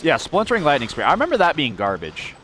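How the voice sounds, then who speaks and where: A man's voice: fairly high pitch, huge pitch swings, fast, fairly bright tone, a little hiss or hum. Rambling man ranting over gameplay. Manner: rambling, restarts often, self-interrupting. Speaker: gaming video creator. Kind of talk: unscripted gameplay rant.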